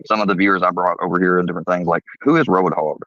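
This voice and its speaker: A blunt, rambling man talks quickly in a lowish voice as a live-stream guest, cursing freely. The sound is dull and lo-fi, like video call audio. The room is dry. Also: steady tone, fairly bright tone, dry recording. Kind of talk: casual live-stream chat.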